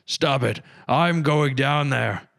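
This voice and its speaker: A man voicing a male crew leader who yells urgent orders in an audiobook. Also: medium pitch, slow, vocal fry, dry recording, studio quality, voice pushed up. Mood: yelling. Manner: yelling orders.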